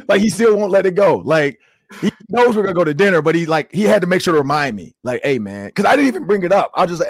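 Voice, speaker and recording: A man in his forties hosting a sports podcast, telling stories in a casual, animated way and acting out quotes with lots of "like.". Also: a little high, fast talker, no room sound, clean studio sound. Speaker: podcast host.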